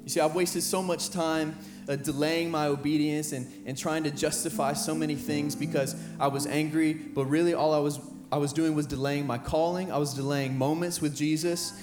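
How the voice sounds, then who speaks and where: A young man preaches an earnest sermon in a somewhat high voice, repeating his phrases as he builds. He is heard in a roomy church hall while a band plays clearly under him. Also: steady tone, normal speed, few pauses, music in the background. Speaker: high school pastor. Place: church sanctuary with band playing behind.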